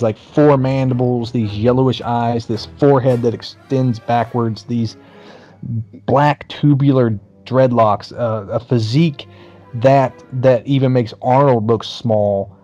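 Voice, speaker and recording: A man's voice: medium pitch, a little slow, muffled recording, faint music behind. A man casually recapping a movie plot, telling it with lots of swearing and acting out the lines. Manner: animated storytelling with profanity, acts out movie lines.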